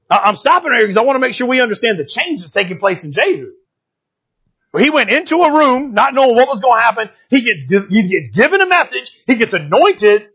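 Animated high-voiced preacher. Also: male voice, breathy edge. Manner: animated, slangy, joking asides with laughs. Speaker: preacher teaching a Bible passage. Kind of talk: casual sermon storytelling. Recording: dull lo-fi recording.

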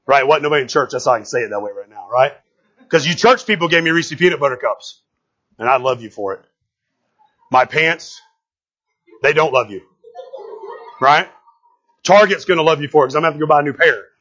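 Male pastor with a high, husky voice, conversational preaching that swings from quiet asides to shouts. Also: a little fast, pauses often, dull audio. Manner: animated, conversational preaching with frequent "right?" asides; swings from low murmurs to shouted outbursts. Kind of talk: sermon.

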